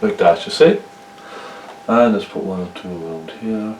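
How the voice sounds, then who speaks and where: A man's voice: sits low, a little slow, a little mellow, echoey room, distant mic, a little hiss or hum, rough recording. A man with a Cork Irish accent giving a chatty painting lesson, often checking in with the viewer. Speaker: painting instructor. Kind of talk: casual painting tutorial.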